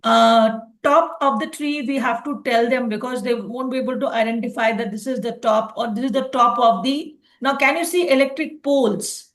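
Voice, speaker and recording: A woman's voice: on the high side, normal speed, hardly any pauses. A woman teaching a phonics lesson online, explaining patiently and checking in with "okay" often.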